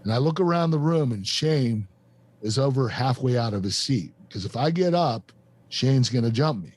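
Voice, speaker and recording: Man in his 50s opening up on a podcast, halting and emotional, lots of uh and you know. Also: medium pitch, lively intonation, a little mellow. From United States. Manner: emotional, halting, many fillers and restarts. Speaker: guest, former pro wrestler. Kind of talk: candid personal storytelling.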